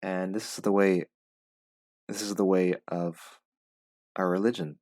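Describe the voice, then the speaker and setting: A low-voiced man reads a text aloud in a pronunciation lesson, pausing often to repeat single words slowly and explain their sounds. The sound is close and dry, with no room around it. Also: level tone, a little mellow, no room sound. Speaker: English pronunciation teacher.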